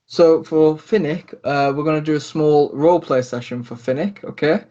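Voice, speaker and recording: A man narrating a tabletop role-play as game master, rambling with many pauses and restarts. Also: on the high side, mellow. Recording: dull lo-fi recording.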